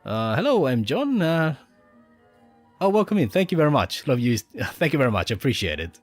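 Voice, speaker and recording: In a dry recording with faint game music behind him, a native Spanish-speaking man streams a game and chats casually with a mixed Spanish and Australian accent. He rambles and chuckles a lot, his medium-pitched voice very animated at a normal speed.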